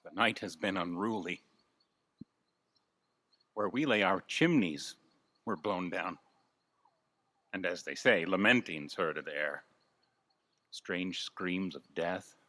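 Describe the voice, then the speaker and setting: An actor playing a nobleman who grimly recounts a stormy night, in measured Shakespearean stage style. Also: low-pitched, bright, forceful tone, no room sound, heavily acted. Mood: ominous.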